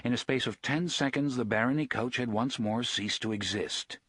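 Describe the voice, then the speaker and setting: A man narrating an audiobook in a steady, expressive reading voice. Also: mid-range voice, moderate pace, husky, dry recording, clean studio sound.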